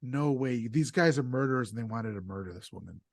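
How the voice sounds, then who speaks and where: A man's voice: mid-range voice, a little fast, vocal fry, no echo, clean studio sound. Man host retelling a film plot. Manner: animated retelling of a plot with fillers. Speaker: podcast host. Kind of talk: casual film discussion.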